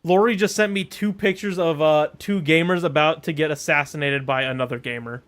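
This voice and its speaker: Joking, higher-voiced male streamer. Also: fairly even intonation, a little fast, a bit bright, slight background noise. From Europe. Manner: joking, rambling, laughs often. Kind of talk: casual gameplay commentary.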